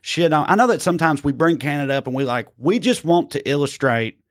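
A man's voice: on the high side, expressive, fast talker, no room sound, clean studio sound. A man hosting a casual comedy news show, easygoing and jokey with some profanity. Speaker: host.

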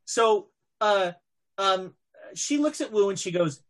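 A woman's voice: mid-range voice, expressive, takes it slowly. A woman narrating a tabletop game as game master, hesitant and full of fillers.

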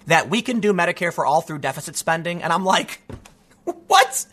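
A man giving an animated, sarcastic political commentary, talking casually and sounding a bit stuffy from allergies. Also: on the high side, quick pace, breathy edge. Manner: animated and sarcastic, with frequent mocking voices. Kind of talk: casual opinion monologue.

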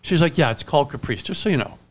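A man whose first language is Italian, co-hosting a casual chat and telling an anecdote, going quiet and deadpan when he quotes himself. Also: fairly high pitch, fast. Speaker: podcast co-host.

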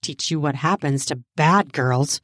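A woman doing a low, stern, teasing lover. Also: a little slow, a bit bright, no echo.

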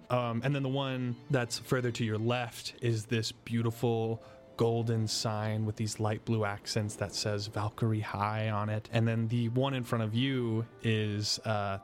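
A man narrating a tabletop role-playing game as game master, describing scenes in a relaxed way with frequent fillers. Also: on the low side.

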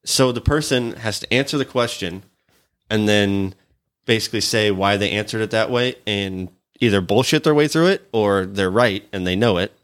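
A young man with a lowish voice talks loosely among friends, swearing often and breaking into laughs. His delivery is relaxed and rambling, like an unscripted chat. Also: moderate pace. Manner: profane, laughing storyteller. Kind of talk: casual chat.

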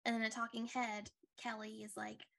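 A woman's voice: on the high side, completely flat delivery, normal speed, gravelly, a bit bright. A young woman co-hosting a podcast, chatting casually and rambling with lots of likes and restarts. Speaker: podcast co-host. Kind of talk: casual recap chat.

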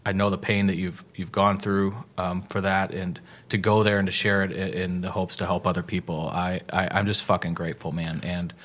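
A man hosting a podcast, speaking earnestly in halting, repeated starts and swearing. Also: sits low, level tone, fairly bright tone. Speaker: podcast host. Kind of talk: casual chat.

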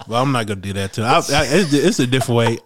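A man talking as a guest on a casual podcast, relaxed and agreeable, mostly giving short replies. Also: medium pitch, rapid-fire, a crowd in the background. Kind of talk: casual chat.

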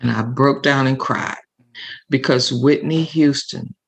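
An older woman, a guest on an interview show, telling stories in an animated and expressive way, acting out the voices she quotes. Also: rumbling low, a little slow, creaky, husky. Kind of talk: storytelling in a podcast interview.

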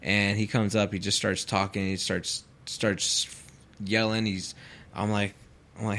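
A man with a fairly low voice tells a story as a podcast guest. He keeps it loose and casual, fills his sentences with fillers and swears freely as he goes. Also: steady tone, unhurried, fairly bright tone. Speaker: podcast guest, pro fighter.

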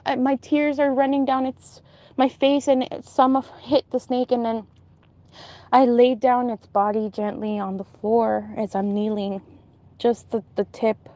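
A woman's voice: fairly high pitch, flat delivery, a little slow, mellow, no room sound, dull audio. A young woman telling a vivid dream in an intense, emotional, breathless way. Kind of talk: casual storytelling, recounting a dream.

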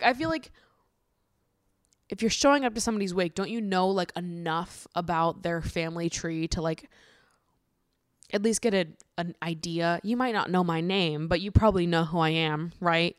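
A woman's voice: on the low side, smooth, no room sound, studio quality. A young woman hosting a podcast, talking candidly in a rambling, casual monologue and swearing freely. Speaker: podcast host.

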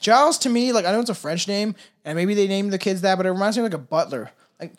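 Cohost from canada, rambly and sweary, mid pitch, laughs a lot. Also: fast talker, hardly any pauses. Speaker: podcast co-host. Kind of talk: casual chat. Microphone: headphones and mic, remote.

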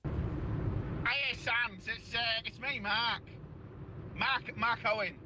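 Rambling pop star voicemail, impression by a man; high voice, traffic behind. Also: fairly even intonation, drawn-out words, highs cut off, full character voice. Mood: chatty. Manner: rambling, hesitant, chatty. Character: male boy-band singer leaving a rambling voicemail.

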